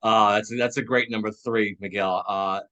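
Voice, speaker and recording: A man's voice: fairly low pitch, fairly even intonation, normal speed, sharp tone, muffled recording. A man hosting a casual chat, mostly giving brief agreeing replies. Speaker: host.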